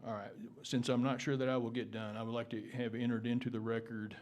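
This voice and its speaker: A man with a Texan accent gives public testimony at a town meeting as a public commenter, often restarting words and using formal legal phrasing. His mid-range, darkish voice is fast and flat in delivery, and the sound is lo-fi.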